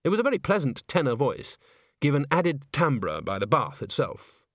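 A man narrating a story aloud in an expressive, scripted reading. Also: mid-range voice, normal speed, dry recording, studio quality. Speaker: audiobook narrator.

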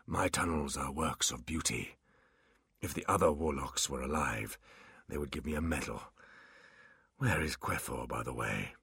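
A man voicing a smug old male warlock who talks softly, half in a whisper, in a storybook reading. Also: rumbling low, moderate pace, creaky, long pauses, slightly rough, no room sound, clean studio sound, pitched below the performer's own voice, full character voice. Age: older.

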